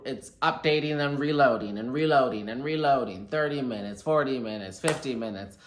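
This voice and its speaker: A young man chatting through a casual storytime vlog, animated and quick to quote people. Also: medium pitch. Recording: echoey room.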